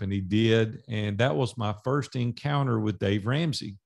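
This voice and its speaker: A man's voice: lowish voice, moderate pace, vocal fry, hardly any pauses. A middle-aged man from Nashville, Tennessee, a podcast guest telling stories in a casual interview and acting out the dialogue in them. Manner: animated storyteller acting out dialogue.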